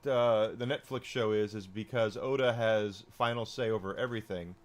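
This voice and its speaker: A man's voice: lowish voice, moderate pace. A man streaming a video game, chatting casually with viewers in a rambling way with frequent restarts.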